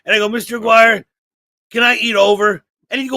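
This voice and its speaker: A man co-hosting a comedy podcast, telling profane stories in a casual, animated way and acting out the people in them. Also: very high-pitched, a little fast, no room sound. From New York area. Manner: profane, animated storyteller who acts out quotes. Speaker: podcast co-host.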